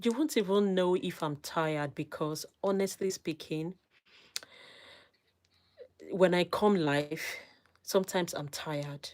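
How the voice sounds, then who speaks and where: A woman's voice: lowish voice, takes it slowly, long pauses. A woman hosting a casual live stream, reading out viewer comments and thanking them with emotion. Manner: reads out viewer comments and gives shout-outs.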